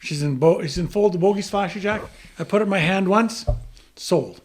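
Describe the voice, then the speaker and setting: A man's voice: high-pitched, moderate pace, a little hiss or hum. A man telling a long story in a casual chat, acting out the voices of the people he quotes and chuckling as he goes. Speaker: guest.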